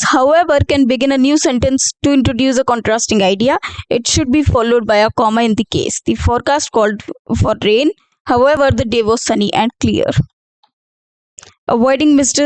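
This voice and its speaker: A woman's voice: fairly high pitch, a little mellow, no room sound, poor audio. A woman teaching an English grammar lesson, reading out example sentences and explaining them with fillers and self-corrections.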